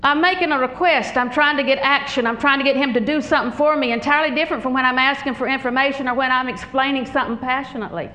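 Older lady preaching, kinda high voice, lively and jokey, roomy echoey church sound. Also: fast talker, hardly any pauses. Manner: animated, humorous storytelling with frequent laughs. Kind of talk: sermon.

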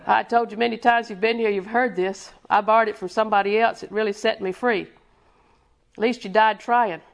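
A woman's voice: on the high side, steady tone, measured pace, creaky, pauses often. Woman preacher, call-and-response cadence. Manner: call-and-response preaching, chuckling, rhythmic repetition. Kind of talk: sermon.

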